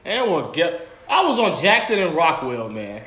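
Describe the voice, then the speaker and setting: A man with a high voice that swoops up and down as he tells a story in a casual chat. he swears a lot and laughs often. the sound is echoey, as if the room is bare. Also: moderate pace. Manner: animated, profane, laughs often while telling stories.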